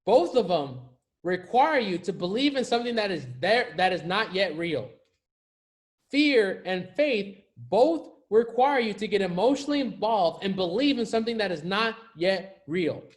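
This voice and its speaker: High-voiced man giving emphatic motivational talk. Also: big pitch swings, normal speed. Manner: emphatic, repeats key phrases for effect; casual slangy speech. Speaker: life coach.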